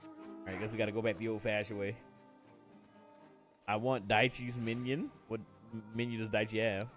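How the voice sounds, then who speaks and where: A man's voice: fairly low pitch, flat delivery, moderate pace, fairly bright tone, faint music behind. A man chatting casually on a gaming stream, joking and swearing freely as he plays. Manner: joking, swears freely, reads game dialogue aloud.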